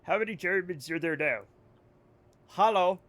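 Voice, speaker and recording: Speaking at normal speed with lively intonation, this American streamer has a high, fairly bright voice. He jokes around and rambles to his chat while playing a game on a casual stream.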